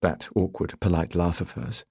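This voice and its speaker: A man narrating an audiobook in a measured, even way. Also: low voice, gravelly, slightly rough, no room sound. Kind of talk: scripted narration.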